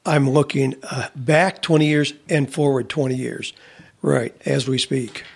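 A man's voice: medium pitch, steady tone, measured pace, gravelly, husky. A man in his seventies, a guest on an interview show, speaking earnestly and plainly about his own experiences. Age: 70s. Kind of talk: casual interview talk.

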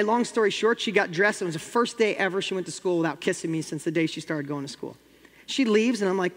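A man's voice: high-pitched, a little fast, big-room sound. A middle-aged man from New York with a New York accent, telling a motivational story as a guest and acting out the dialogue with rising intensity.

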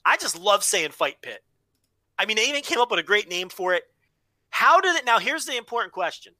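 Animated, bright-voiced man co-hosting a podcast. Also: high voice, dry recording. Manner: emphatic, playful, repeats phrases for comic effect. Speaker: podcast co-host. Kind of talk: casual wrestling podcast chat.

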